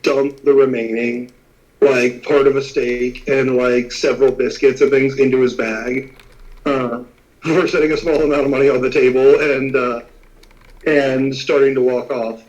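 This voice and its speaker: A man running a tabletop game as game master, casual and quick to laugh. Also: medium pitch, fairly even intonation, a little mellow, lo-fi sound.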